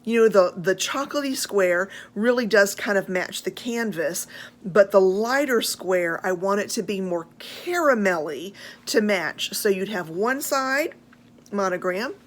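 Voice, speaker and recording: An American woman vlogging casually about handbags, chatty and gushing, with frequent fillers and drawn-out admiration. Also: medium pitch, lively intonation. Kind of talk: casual show-and-tell chat.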